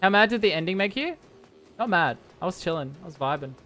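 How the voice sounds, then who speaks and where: A woman's voice: fairly low pitch, lively intonation, quick pace, fairly bright tone. Playful rambling young woman streamer. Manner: playful, rambling, talks to chat. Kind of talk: casual live-stream chat. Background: faint music.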